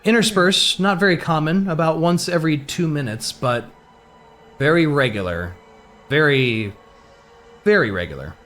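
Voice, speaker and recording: A man narrating a tabletop game as game master, in a halting, thoughtful way. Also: fairly high pitch, fairly bright tone, faint music behind.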